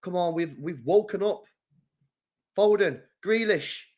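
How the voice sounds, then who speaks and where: A man hosts a live football watchalong, chatting with his viewers and reacting to every attack. His voice sits slightly high for a man. He bursts into loud shouts at big moments and drops to low mutters in between. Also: unhurried.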